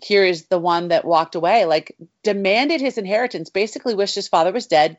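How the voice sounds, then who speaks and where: In a conversation about faith, a middle-aged guest author speaks fairly quickly at medium pitch. Her tone is earnest and heartfelt, "you know" comes up often, and the sound is dry and slightly muffled.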